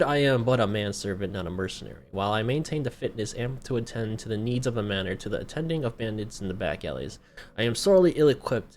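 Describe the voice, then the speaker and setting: A man's voice: fairly low pitch, darkish tone, close to an everyday voice. A man reading game dialogue aloud, voicing a meek, apologetic male manservant with stiff, old-fashioned formal phrasing.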